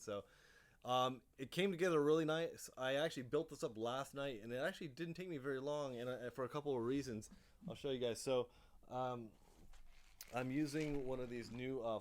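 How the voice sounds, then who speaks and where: A man with a smooth, clear voice chats casually on a live stream from his home office. He rambles, stops and restarts, and leans on fillers as he talks about his drone builds. He speaks into a desk microphone at an ordinary, mid-range pitch. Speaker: drone hobby channel host.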